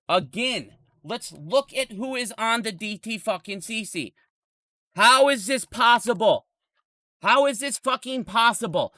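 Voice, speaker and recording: A man in his thirties rants on a live stream, swearing constantly, his voice high and swinging wildly up and down. The tone is bright and edgy. The sound is dry and close. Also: expressive, a little slow, no room sound. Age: 30s. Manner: angry, profane, ranting.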